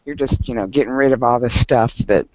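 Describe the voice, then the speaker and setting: A medium-pitched man speaking a little fast shares a story at a book club gathering, chatting casually and laughing often. He's an animated storyteller who fills his speech with ums and the like. There's no room sound, and the recording is dull and lo-fi.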